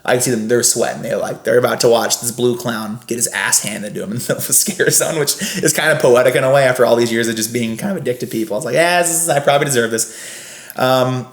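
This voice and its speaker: A young man, a podcast guest, telling stories in a casual, animated, rambling way with lots of fillers. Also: mid-range voice, fast, hardly any pauses. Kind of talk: casual storytelling. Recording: roomy echo.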